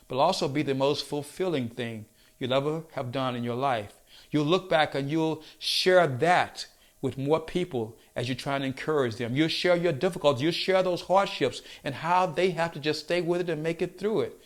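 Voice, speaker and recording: A man with a slightly high voice speaks in an earnest, coaxing motivational style. He slows down to lean on his key points, urging the listener along. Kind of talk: motivational talk.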